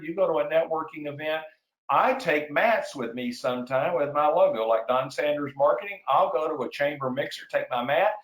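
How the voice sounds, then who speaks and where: A man giving a sales webinar in an energetic, excitable way, getting wound up and then reining himself in. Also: on the high side, reverberant, poor audio. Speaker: sales trainer hosting a webinar.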